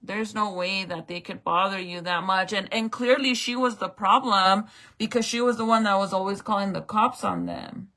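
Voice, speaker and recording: A woman's voice: mid-range voice, normal speed, pushed and bright. A woman vlogger recounting a story in casual, emotional chat, swearing freely and saying "like" and "bro" a lot. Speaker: makeup vlogger.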